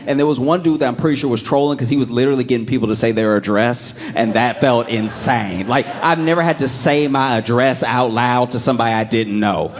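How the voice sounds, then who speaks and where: A man performing a stand-up comedy set, telling stories animatedly and slipping into quick voices. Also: mid-range voice.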